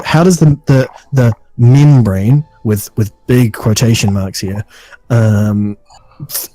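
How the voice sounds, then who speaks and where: Low mellow-voiced man picking at plot holes. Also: dry recording, rough recording. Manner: reasoned, picks apart plot logic. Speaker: podcast co-host. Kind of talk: casual chat.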